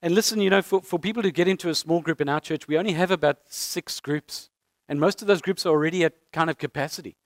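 A man's voice: a little high, fast talker, dry recording, clean studio sound. A man preaching a sermon as a pastor, earnest and heartfelt, repeating key phrases for emphasis.

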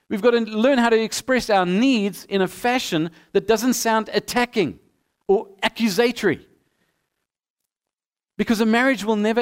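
Guy preaching a sermon, higher voice, super clear and smooth, does little back-and-forth skits. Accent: non-local accent. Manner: animated preaching, acting out both sides of a dialogue. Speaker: pastor.

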